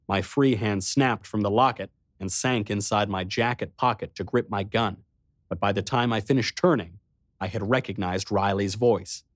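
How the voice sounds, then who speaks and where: A man narrating an audiobook in the first person, steady and measured. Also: on the low side, no room sound, clean studio sound.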